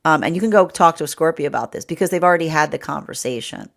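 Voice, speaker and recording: A woman's voice: low-pitched, fast, gravelly. A woman giving a rambling livestream tarot reading, often acting out imagined inner voices and breaking into laughs. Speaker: tarot reader.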